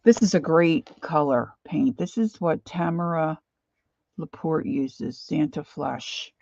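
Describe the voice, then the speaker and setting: A middle-aged woman chatting casually and self-deprecatingly while she draws, halting with fillers as she works. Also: sits low, gravelly, a little mellow, no echo, lo-fi sound. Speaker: art journaling vlogger. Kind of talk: casual live drawing chat.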